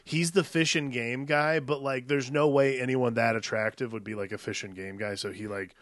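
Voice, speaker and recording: A man's voice: medium pitch, steady tone, normal speed, fairly bright tone, no room sound. A man co-hosting a casual movie podcast, rambling and laughing as he mimics actors. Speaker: podcast co-host.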